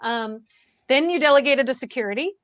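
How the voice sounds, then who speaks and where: A woman calmly explaining how to handle tense situations, often checking in with "right?". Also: high-pitched, fairly quick, no room sound. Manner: calm, explanatory, many "right?" tags. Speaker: bystander intervention trainer. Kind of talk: workshop discussion, answering questions. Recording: dry, dull lo-fi sound.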